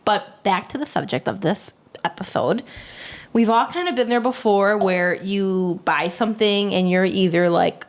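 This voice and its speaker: A woman's voice: medium pitch, normal speed. A young woman co-hosting a podcast in casual chat, teasing her sister and laughing often. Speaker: podcast co-host.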